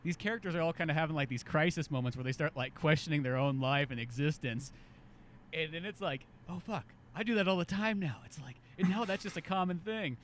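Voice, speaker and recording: A man's voice: a little high, brisk, a little hiss or hum. A man co-hosting a podcast in casual chat, telling stories and acting out the lines he quotes. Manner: animated storyteller, acts out quoted lines. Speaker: podcast co-host.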